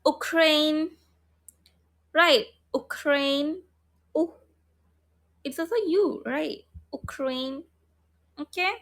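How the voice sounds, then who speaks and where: A woman's voice: high voice, very slow, long pauses, fairly bright tone. A woman teaching an online phonics lesson, repeating letter sounds and prompting her students. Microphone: online class, video call.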